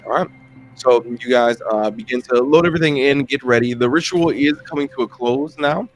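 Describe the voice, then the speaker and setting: Man, dungeon master, mid-pitched voice, halting filler-heavy narration, faint music behind. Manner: rambling, hesitant with many fillers. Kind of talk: narrating a tabletop game.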